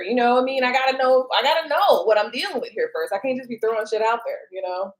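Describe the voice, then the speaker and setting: A woman with a fairly high voice reads tarot on a live stream, talking quickly with few pauses over poor audio. She's animated and chatty, laughing often as she speaks straight to her viewers and answers their comments.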